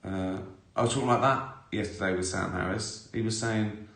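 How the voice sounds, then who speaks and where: Low-voiced man telling stories in a roomy space. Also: steady tone, normal speed, a bit bright. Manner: rambling storyteller, self-mocking, swears. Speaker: live stream host. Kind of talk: casual anecdotal chat. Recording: roomy echo.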